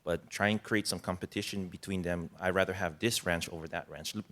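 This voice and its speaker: A man who runs a ranch, speaking haltingly on a panel. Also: deep voice, fairly even intonation, a bit bright. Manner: halting, with restarts. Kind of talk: panel talk.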